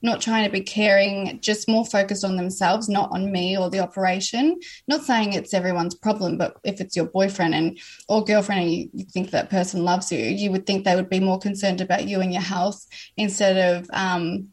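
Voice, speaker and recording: A woman's voice: mid-range voice, fairly even intonation, normal speed. A woman, a guest speaking earnestly and openly in a candid personal conversation, often restarting her sentences. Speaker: interview guest.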